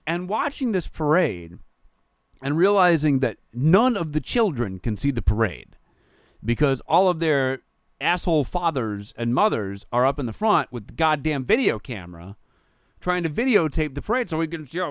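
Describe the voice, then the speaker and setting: A man tells stories with a lot of swing in his pitch, slipping into other people's voices as he goes. His voice is smooth and clear, recorded close and dry, and he swears freely. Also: moderate pace, no echo. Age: 40s. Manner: animated storyteller, swears freely, acts out quotes. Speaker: podcast co-host. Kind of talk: casual chat.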